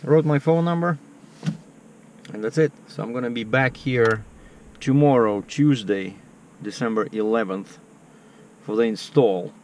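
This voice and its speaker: A man's voice: mid-range voice, unhurried, long pauses, a little mellow, slight background noise. Chatty man telling a story on camera. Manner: chatty, filler-heavy, acts out the other people's lines in dialogue. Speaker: vlogger.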